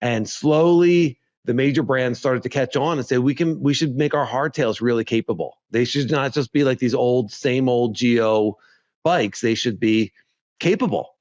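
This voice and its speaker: A man co-hosting a podcast in casual chat, animated and repeating himself, laughing often. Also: medium pitch, normal speed, no room sound, dull audio. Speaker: podcast co-host.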